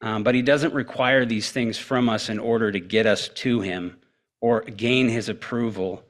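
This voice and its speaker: A man preaching a sermon in an earnest way, often pausing on fillers and repeating words as he goes. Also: medium pitch, fairly even intonation.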